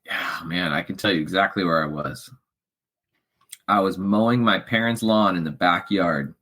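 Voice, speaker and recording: Man telling his story with raw feeling. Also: moderate pace. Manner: emotional, swings from low murmurs to loud shouts. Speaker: podcast guest. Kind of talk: candid storytelling interview.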